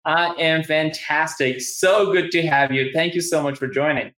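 Excitable man with a Southern accent, echoey room. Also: fairly high pitch, normal speed. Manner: enthusiastic, rambling, many restarts and fillers. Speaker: podcast host. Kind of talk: casual live-stream interview. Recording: roomy, echoey room sound.

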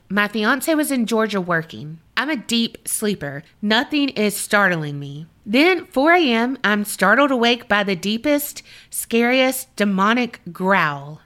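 A woman's voice: medium pitch, animated, measured pace, hardly any pauses, fairly bright tone. A woman co-hosting a podcast, chatting casually, laughing easily and reading listener stories aloud. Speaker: podcast co-host.

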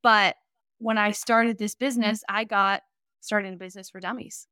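Smooth-voiced young woman, chatty guest. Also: medium pitch, steady tone, normal speed, pushed and bright, dry recording, studio quality. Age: 20s. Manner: chatty, candid, playful banter. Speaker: guest, vacation rental business owner. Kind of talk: casual podcast interview.

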